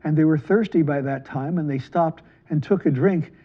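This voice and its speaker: High-voiced lively male storyteller. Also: narrow, tinny audio. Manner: lively, animated, switches into quick character voices. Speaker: library storyteller. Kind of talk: storytelling for children.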